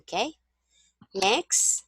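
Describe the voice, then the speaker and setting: Over a video call, a woman tutors a single student in a language, explaining things patiently one step at a time. Her voice is a bit bright and very slow, with no room sound.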